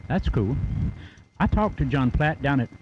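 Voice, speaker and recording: A man's voice: mid-range voice, animated. An older man with a Southern US twang, telling folksy stories as a drag race announcer. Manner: folksy, drawn-out storytelling. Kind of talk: casual trackside commentary. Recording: dull lo-fi PA mic with loud track noise.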